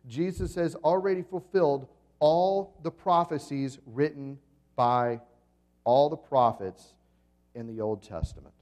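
A pastor preaching a sermon to his congregation, telling the story vividly, swinging between loud and soft, and asking the listeners questions. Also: a little high, unhurried. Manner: dramatic storytelling with swings in volume.

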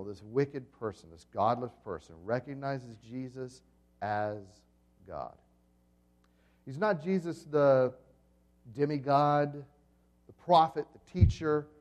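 A pastor preaching a sermon to his congregation, telling the story vividly, swinging between loud and soft, and asking the listeners questions. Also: mid-range voice. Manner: dramatic storytelling with swings in volume.

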